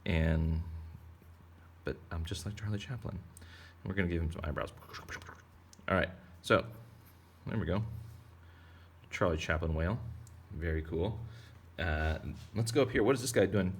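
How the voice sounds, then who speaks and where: A drawing teacher with a low, husky voice leads a casual tutorial showing kids how to draw whales. He talks a little slowly with long pauses, rambling playfully and tossing in jokes.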